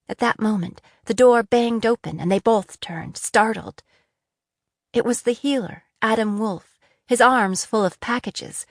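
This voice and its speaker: A woman narrating a fantasy novel as an audiobook, with even, measured storytelling. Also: fairly high pitch, no echo, studio quality.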